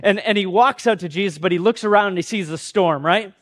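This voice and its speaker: A pastor with a notably high voice delivers his sermon like a conversation. He pokes fun at himself and briefly acts out the people in his stories. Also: a little fast. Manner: conversational, self-deprecating, acts out quoted voices.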